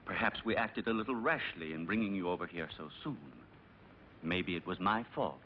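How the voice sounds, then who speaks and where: An actor playing a calm, controlling aristocratic husband in dubbed film dialogue, smooth and patronizing. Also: male voice, deep voice, normal speed, slight background noise, lightly acted. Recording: dull old film soundtrack.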